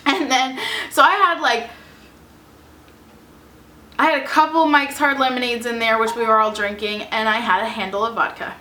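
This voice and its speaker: A young woman tells a story to camera in a bright, forceful voice pitched a little high. She talks in a chatty, animated way and fills her sentences with "like". She sounds a little away from the mic in an echoey room with faint noise behind her. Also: moderate pace, pauses often, recorded from a distance. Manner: animated, chatty, lots of "like", drops to a hush for suspense. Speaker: vlogger. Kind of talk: casual storytelling.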